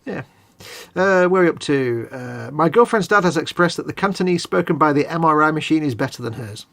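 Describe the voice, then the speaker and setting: A man rambles through a live stream chat, correcting himself as he reads viewer comments aloud. His voice sits a little high and has a gravelly, creaky edge. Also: lively intonation, a little fast, a bit bright. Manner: rambling, chatty, self-correcting.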